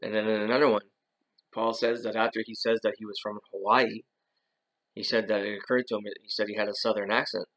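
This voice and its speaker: A man's voice: on the low side, level tone, a little fast, a bit bright, poor audio. A man talking on his own in a loose, rambling monologue, full of "uh" and "you know" and restarted sentences. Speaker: channel host. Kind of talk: casual monologue.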